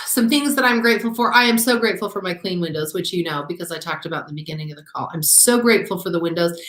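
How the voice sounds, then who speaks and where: A woman's voice: on the low side, a bit bright. A woman co-hosting a live mindset show, coaching listeners in a direct, encouraging way. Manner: direct and encouraging, guiding listeners through an exercise. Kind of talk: motivational coaching talk. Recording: echoey room.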